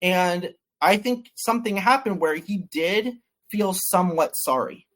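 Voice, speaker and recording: A man speaking as an interview guest, recounting a story in a relaxed, chatty way. He slips into other people's voices to act out their lines, which keeps his telling animated. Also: sits high, unhurried. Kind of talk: casual storytelling.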